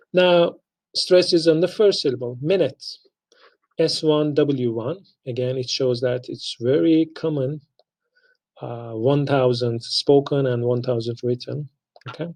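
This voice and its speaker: Male instructor, unhurried lecture delivery, creaky gravelly tone. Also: fairly high pitch, darkish tone, poor audio. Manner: slow, deliberate, spells out pronunciations. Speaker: English language instructor. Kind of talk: recorded lecture.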